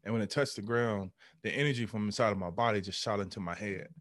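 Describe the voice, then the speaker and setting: A man in his thirties, a podcast guest, telling an emotional personal story and acting out the voices of his past self with sudden lively bursts. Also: on the low side, fast, no room sound, clean studio sound. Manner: animated, acts out his own past voice.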